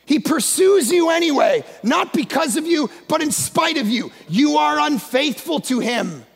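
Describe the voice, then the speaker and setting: A male guest pastor preaching a sermon in a church, emphatic and often shouting. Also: extremely high pitch, expressive, a little slow, creaky. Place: church sanctuary. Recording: long echo of a large church hall.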